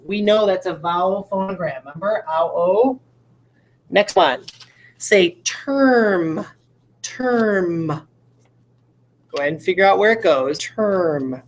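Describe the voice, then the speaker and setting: A woman teacher talks through a video lesson at an unhurried, deliberate pace, with a voice sitting somewhat low. She explains each step patiently and keeps asking her listeners rhetorical questions. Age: adult parent.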